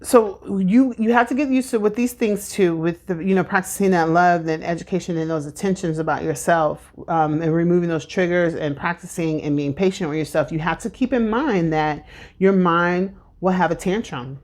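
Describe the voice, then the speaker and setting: At home with incense burning, a woman tarot reader talks to camera in a casual spiritual vlog, chatty and encouraging with lots of fillers. Her voice is fairly low in pitch and darkish, at a moderate pace.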